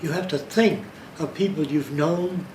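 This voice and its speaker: A man gives an informal lecture in a fairly high voice, explaining point by point and checking that his listeners follow. He is set back from the mic in a roomy space, with faint ambience behind him. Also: a little slow, darkish tone, recorded from a distance, a little hiss or hum.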